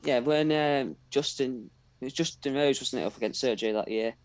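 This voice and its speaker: A man joins in on a live golf watch-along as a relaxed co-host. He sounds a little distant, picked up from further away from the microphone. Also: medium pitch, normal speed, no echo.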